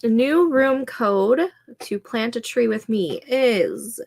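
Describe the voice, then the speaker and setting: A woman hosting a casual live stream of writing sprints, stuffy from allergies, reading viewer comments aloud and reacting with unhurried encouragement. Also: fairly high pitch, creaky, a little mellow. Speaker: livestream host running writing sprints.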